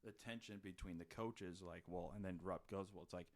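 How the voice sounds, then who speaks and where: Deep-voiced man recapping a movie. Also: fairly even intonation, fairly quick, hardly any pauses, darkish tone. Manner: rambling, many fillers and restarts. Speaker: podcast co-host. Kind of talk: casual movie review chat.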